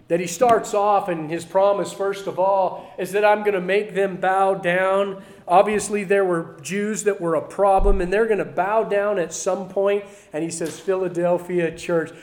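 A man preaching a sermon to his church, repeating key phrases and swinging between loud declarations and quiet asides. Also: high voice. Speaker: pastor.

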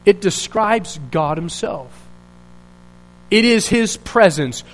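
A man's voice: high voice, lively intonation, takes it slowly, low-quality recording. A male pastor preaching a sermon in an earnest, searching way, asking rhetorical questions and restarting his phrases.

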